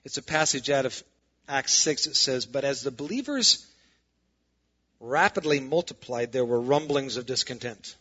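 A man's voice: mid-range voice, expressive, moderate pace, pushed and bright, breathy edge. Sarcastic man preaching a sermon, lo-fi. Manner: sarcastic, rising to emphatic asides. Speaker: pastor.

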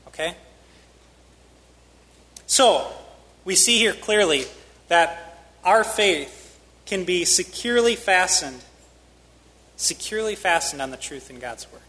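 A man's voice: high voice, animated, takes it slowly, pauses often, pushed and bright. A man preaching a sermon in a church, candid and self-deprecating, pressing key lines with rising emphasis. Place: church hall. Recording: long hall reverb.

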